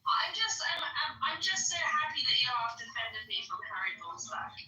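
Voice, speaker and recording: A woman's voice: high-pitched, very animated, moderate pace, bright, forceful tone, distant mic, soft background music. A woman chatting casually on a livestream in a rambling, chatty way. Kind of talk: casual chat. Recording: echoey room, off-mic.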